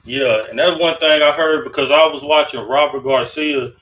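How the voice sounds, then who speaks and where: A man hosting a casual interview, asking loose, relaxed follow-up questions. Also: fairly high pitch, normal speed, far from the mic, rough recording. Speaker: podcast host, interviewer.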